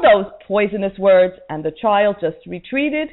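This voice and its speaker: Expressive woman telling a sermon story. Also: medium pitch, measured pace, few pauses. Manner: expressive, swings from soft to loud. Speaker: religious speaker. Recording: tinny phone-like line.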